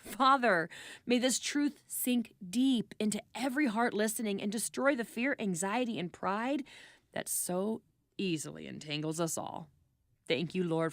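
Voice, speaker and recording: A woman's voice: lowish voice, vocal fry, fairly bright tone, dry recording, clean studio sound. A woman leading an earnest, reverent spoken prayer. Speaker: prayer leader.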